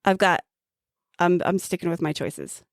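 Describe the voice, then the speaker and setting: A woman's voice: fairly low pitch, unhurried, dry recording, studio quality. A woman co-hosting a podcast in casual chat, playful and enthusiastic, laughing often. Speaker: podcast co-host.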